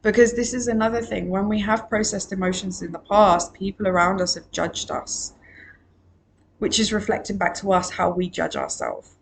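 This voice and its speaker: A woman's voice: medium pitch, big pitch swings, moderate pace, slight background noise. A woman and emotional wellbeing coach giving a solo podcast monologue. She talks in an earnest, emphatic way and repeats her key phrases.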